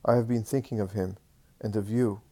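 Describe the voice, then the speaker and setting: A man's voice: on the low side, fairly even intonation, fairly quick, warm tone, lightly acted. A man doing an earnest humble beggar friend. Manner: earnest, eager storytelling. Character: kind humble male beggar friend, devoted.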